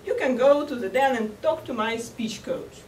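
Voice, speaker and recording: A woman voicing a smug, self-assured male hare with an American accent, speaking calmly and politely while brushing others off, recorded from far off in an echoey hall. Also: on the high side, normal speed, slight background noise, natural voice. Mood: smug, dismissive.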